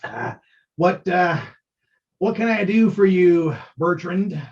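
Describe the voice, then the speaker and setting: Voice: mid-range voice, takes it slowly, a little mellow. A game master voicing a male dwarf barkeep in his late forties, stammering with dry humor. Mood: welcoming. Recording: muffled lo-fi recording.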